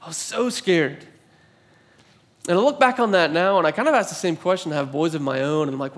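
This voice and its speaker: Male pastor, thirties, casual animated sermon storytelling, slightly higher voice. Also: a little fast. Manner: conversational, animated storytelling with filler words.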